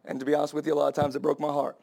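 A young adult man preaching a sermon to his church, impassioned and building to high, emphatic cries. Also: completely flat delivery, rapid-fire, vocal fry, a little mellow. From United States.

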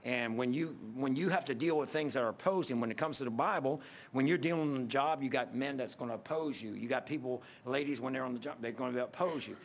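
A man delivers a sermon as a loose, conversational story, often backing up and restarting his sentences. His voice sits at an ordinary middle pitch. A faint hiss of background noise runs under the recording. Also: quick pace. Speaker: preacher.

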